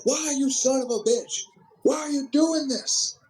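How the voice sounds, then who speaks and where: A man's voice: unhurried, poor audio. A man doing a shrieking outraged wrestling announcer. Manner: high-pitched exasperated yelling. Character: outraged shouting male wrestling commentator.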